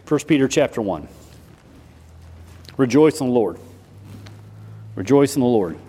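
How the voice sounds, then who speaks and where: A man preaching a sermon in a folksy, repetitive way, switching between loud emphasis and quiet asides. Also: medium pitch, animated, a little slow, breathy edge. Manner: folksy, repeats himself with restarts.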